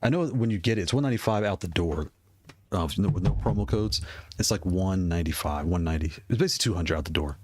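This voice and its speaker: A man's voice: low voice, lively intonation, fast, darkish tone, a little hiss or hum. A man casually talking about game controllers as he browses, rambling, repeating himself and laughing often. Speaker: gaming hardware video creator. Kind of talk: casual product talk while browsing.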